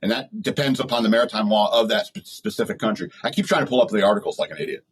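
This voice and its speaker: A man holds forth on his own podcast with a husky, slightly rough voice. He rambles bluntly and chuckles at his own jokes as he goes. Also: lowish voice, expressive, fast, rough recording. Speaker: podcast host. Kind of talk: opinionated solo talk.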